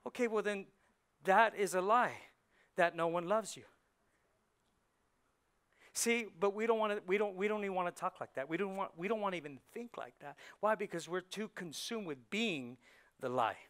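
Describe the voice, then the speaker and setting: A man preaching a sermon as pastor, animated, asking the congregation questions and acting out the voices in people's heads. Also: high voice, normal speed, smooth. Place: church sanctuary.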